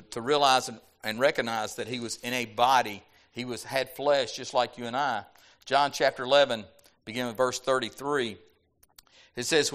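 A man preaching a sermon, reading scripture aloud with rising emphasis and dropping soft on key lines. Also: medium pitch. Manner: animated, rises loud on scripture then drops soft.

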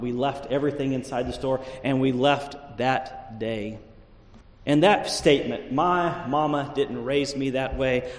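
A man preaching a sermon, telling a folksy personal story with dramatic swings from hushed to loud. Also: medium pitch. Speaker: pastor. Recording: echoey hall.

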